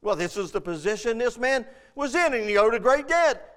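Brief: very high-pitched male preacher, emphatic, folksy, keeps questioning the congregation. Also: very animated, moderate pace, a bit bright, big-room sound. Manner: folksy plain grammar, repeats phrases. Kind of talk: sermon.

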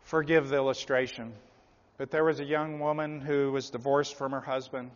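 A man preaching a revival sermon, swinging from loud, pleading appeals to hushed, low endings. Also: level tone, moderate pace. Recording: dull, echoey hall.

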